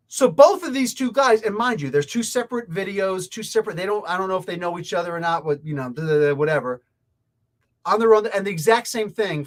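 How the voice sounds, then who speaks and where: Man ranting with a swinging voice. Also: high-pitched. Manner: heated, rambling, talks straight to viewers. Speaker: comic book reviewer. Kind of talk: opinionated review rant.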